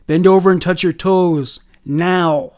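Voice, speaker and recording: A man's voice: fairly high pitch, fairly even intonation, moderate pace, darkish tone, natural voice. A man voicing a harsh, domineering father figure who speaks in a commanding, menacing way. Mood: shouting.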